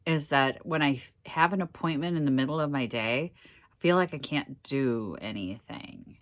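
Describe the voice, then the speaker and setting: A middle-aged woman from Minnesota chats to her vlog viewers in a low voice that rises and falls a lot. She is tearful and emotional, and keeps laughing through her tears. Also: fairly bright tone. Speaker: vlogger. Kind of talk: casual personal vlog.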